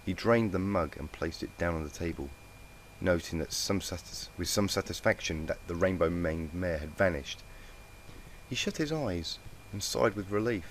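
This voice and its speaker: Man, fanfic reading, deep low voice, plain storytelling, faint hiss. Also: lively intonation, normal speed. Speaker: fanfic reader.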